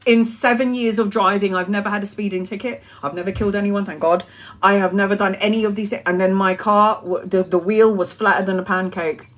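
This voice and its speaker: A woman's voice: mid-range voice, steady tone, fairly quick. A woman in her thirties telling a casual story and ranting about drivers, swearing freely and laughing often. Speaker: tarot livestream host.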